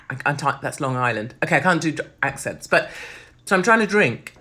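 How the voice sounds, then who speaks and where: A middle-aged British woman talking bluntly and swearing freely in a casual vlog, her voice hoarse from overuse. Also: low-pitched, animated, a little fast, sharp tone. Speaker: vlogger.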